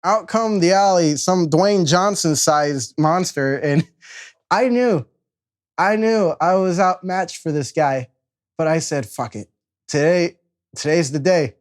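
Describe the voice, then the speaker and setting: A young man from Chicago telling a story about himself in a loose, animated way, acting out voices, laughing at himself and swearing freely. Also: fairly high pitch, slow pace. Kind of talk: casual spoken storytelling.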